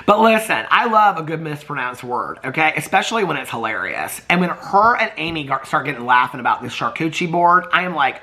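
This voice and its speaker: Picture a man from the US Midwest who talks with a Southern accent, chatting through a reality TV recap. His voice is bright and forward. He is gossipy and emphatic and keeps checking in with "okay?". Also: a little high, very animated, normal speed. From Indianapolis, Indiana, US Midwest. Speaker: TV recap YouTuber.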